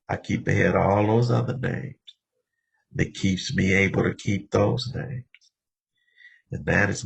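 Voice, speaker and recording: A man's voice: deep voice, creaky, fairly bright tone, breathy edge, highs cut off. A man in his seventies from Los Angeles, telling his story as the speaker at a recovery meeting and talking straight to the room. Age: 70s. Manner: conversational storytelling, often addressing the room directly. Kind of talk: personal recovery share.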